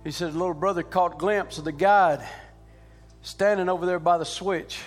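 A man preaching a sermon, dropping low and hushed and then climbing into loud, shouted preaching cadences. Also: steady tone, normal speed, faint music behind.

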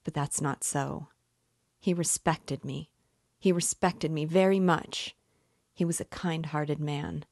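Brief: a haughty, bitter widow hostess, low-voiced and indignant, with a dry, close sound, read by a woman narrating a novel aloud. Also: fairly even intonation, slow, creaky, darkish tone, no room sound, exaggerated voice. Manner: haughty and indignant, raising her voice.

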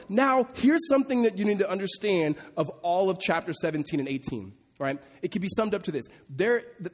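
A man preaching a sermon as the pastor, animated and conversational, often acting out quotes, recorded in a church sanctuary. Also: sits high. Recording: long hall reverb.

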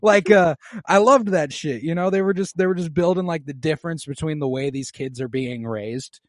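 A man casually recapping a TV episode with a co-host, excited and profane as he retells the scenes. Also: a little high, fairly quick, no echo, studio quality. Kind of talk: casual show recap chat.

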